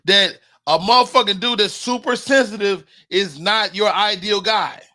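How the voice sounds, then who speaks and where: High bright-voiced man hosting. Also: moderate pace. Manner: emphatic, profane, stammering restarts. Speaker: podcast host. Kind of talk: casual comedic debate.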